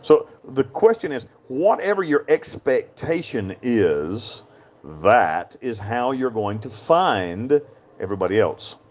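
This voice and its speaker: Speaking slowly in a mid-range, sing-song voice, a Western North Carolina man with a Southern Appalachian mountain accent talks as a prison chaplain and inmate. His casual monologue is frank and rambling, circling back on itself and wandering off topic, over dull audio.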